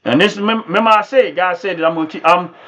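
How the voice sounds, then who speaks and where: A man's voice: high voice, quick pace, fairly bright tone. A man hosting a livestream, telling a personal faith testimony in an earnest, emphatic way and repeating himself for stress. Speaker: livestream host.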